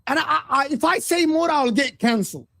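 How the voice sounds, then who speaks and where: A man's voice: very high voice, expressive, fairly quick, creaky, a bit bright. A man from Egypt, a guest football pundit, ranting passionately about football on a live stream and repeating his points.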